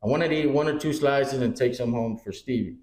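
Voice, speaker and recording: A man's voice: medium pitch, fairly quick, darkish tone. A man co-hosting a podcast, telling a story casually, acting out the dialogue and swearing freely. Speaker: podcast co-host. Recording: roomy echo.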